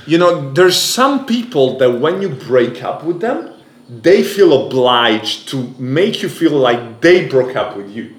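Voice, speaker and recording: A man's voice: on the high side, sing-song, a little slow. A man, a comedian, telling a story in casual podcast chat, sarcastic and joking as he acts out quotes. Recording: roomy echo.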